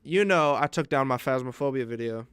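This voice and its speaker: A young podcast co-host with a mid-range, fairly bright, smooth voice talks a little fast in a dry recording. He tells stories in casual conversation, swearing often and imitating what other people said.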